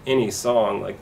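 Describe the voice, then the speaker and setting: A man doing a stand-up comedy set with a dry, deadpan delivery and acted-out quotes. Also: fairly high pitch, vocal fry, recorded from a distance, slight background noise.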